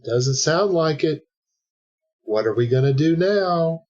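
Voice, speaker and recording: A man's voice: a little high, animated, slow pace, darkish tone. A man playing a tabletop game, talking casually and eagerly. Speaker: player. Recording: dull lo-fi sound.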